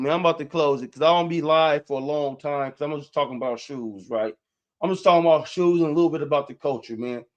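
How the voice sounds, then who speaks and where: A man hosting his own livestream, talking casually and rambling about sneakers and street culture, full of "man" and "y'all". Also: fairly high pitch. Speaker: livestream host.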